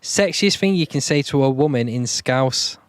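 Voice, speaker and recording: A man's voice: mid-range voice, lively intonation, moderate pace, no room sound. A man, a guest on a live chat show, teasing and crude in his banter. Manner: crude, teasing, mock accents. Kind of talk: casual chat.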